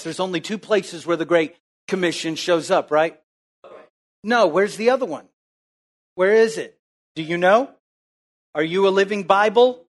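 A man preaching a sermon, asking the congregation emphatic rhetorical questions and calling for amens. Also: high-pitched. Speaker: pastor.

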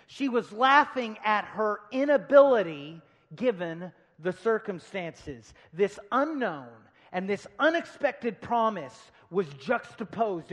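Preaching man in a reverberant hall. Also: high-pitched. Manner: dynamic preaching, swinging between loud emphasis and quiet asides; humorous storytelling asides. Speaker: pastor. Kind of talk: sermon. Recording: long reverb of a large hall.

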